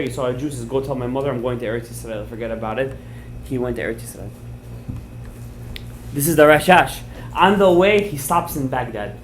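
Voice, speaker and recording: A man teaching a Torah class as a rabbi, telling a story with lively acted-out quotes, mixing in Hebrew terms and checking words with his listeners. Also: medium pitch, a little hiss or hum. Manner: animated storyteller, acts out quoted lines, checks words with the audience; mixes in Hebrew and Aramaic terms.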